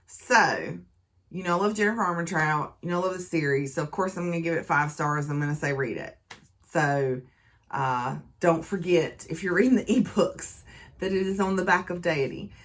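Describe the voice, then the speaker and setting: A woman's voice: on the low side, normal speed. A woman giving a casual book review and recap, talking in a chatty, conversational way with plenty of fillers.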